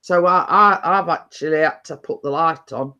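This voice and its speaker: A woman's voice: sits low, normal speed, bright, forceful tone, lo-fi sound. A woman hosting a chatty live stream, telling stories in a rambling way with many restarts.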